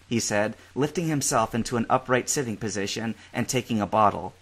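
A man narrating a fan-fiction novel as an audiobook, in an expressive storytelling manner. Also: on the low side, a little fast. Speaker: audiobook reader.

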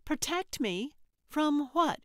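A woman voicing a sharp-tongued young woman dancer who sounds snappish and incredulous. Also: medium pitch, expressive, slow pace, no echo, studio quality, pitched above the performer's own voice.

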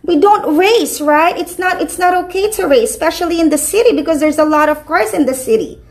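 A woman preschool teacher reading a picture book aloud to young children, animated and encouraging, often asking them questions. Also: very high-pitched, brisk.

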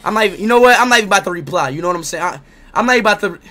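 A man livestreaming and chatting loudly with his viewers, excitable and full of swearing. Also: high voice, very fast. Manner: loud, excitable, swears a lot, talks to chat. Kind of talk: casual livestream chat.

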